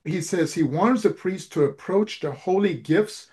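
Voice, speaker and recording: A man's voice: high-pitched, unhurried, darkish tone. A man preaching a sermon, retelling a story and acting out its dialogue, with frequent restarts.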